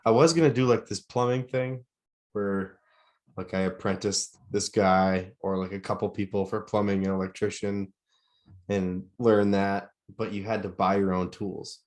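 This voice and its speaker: A man with an Upper Peninsula Michigan accent talking casually about his work on a podcast. He speaks in a fairly low voice with some hesitant fillers. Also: fairly even intonation, normal speed, a little mellow. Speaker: podcast co-host. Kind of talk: casual chat.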